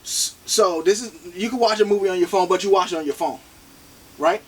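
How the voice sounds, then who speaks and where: A man in his thirties co-hosting a casual movie review podcast, animated and playful, talking fast with lots of restarts. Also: sits high, breathy edge, recorded from a distance. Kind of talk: casual chat.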